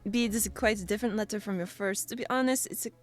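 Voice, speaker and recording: Tiny female weasel, played by a woman, halting recital, shaky French accent. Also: medium pitch, faint music behind, close to an everyday voice. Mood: earnest. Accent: attempted French accent. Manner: halting, stumbling recital like a nervous child.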